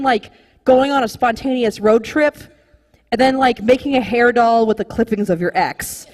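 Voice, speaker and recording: A young woman performing a live stand-up comedy set, rambling and animated, full of "like" fillers. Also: fairly high pitch, moderate pace, big-room sound. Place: comedy club stage with live audience.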